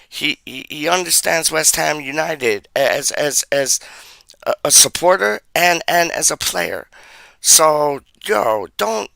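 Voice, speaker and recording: A man's voice: on the high side, gravelly, pushed and bright, dry recording. A man chatting casually about football on a livestream, slangy and rambling, repeating himself and calling people "dog". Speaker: livestream host reading chat.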